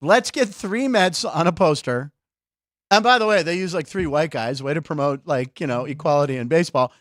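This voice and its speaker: A man's voice: on the high side, brisk, dry recording. A middle-aged man hosting a sports podcast in a studio, joking loosely and laughing often in casual chat. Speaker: podcast host.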